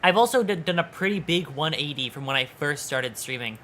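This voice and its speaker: Soft-spoken playful woman streamer. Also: sits low, lively intonation, slight background noise. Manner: soft-spoken, quiet, never raises voice; playful, halting restarts. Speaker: VTuber streamer. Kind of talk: casual livestream chat. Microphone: desk microphone.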